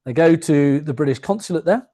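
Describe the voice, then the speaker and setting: A man giving an evening history talk to a live audience in a museum, chatty and full of jokey asides. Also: fairly high pitch. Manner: chatty, jokey asides, quick lively delivery. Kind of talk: public lecture with anecdotes. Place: museum lecture room before a live audience.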